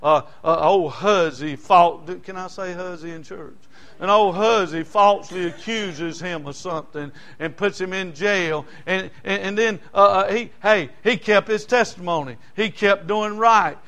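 High, bright-voiced preacher in his sixties. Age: 60s. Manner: folksy, animated, with homespun asides. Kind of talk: sermon.

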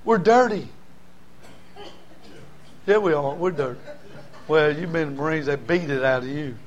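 A man's voice: a little high, normal speed, muffled recording. A man preaching a sermon to a church congregation in an emphatic, repetitive cadence with folksy humor.

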